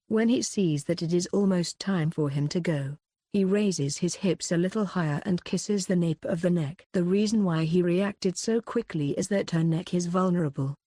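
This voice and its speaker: A woman narrating a romance audiobook with even, steady reading on a close mic. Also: lowish voice, moderate pace, no room sound.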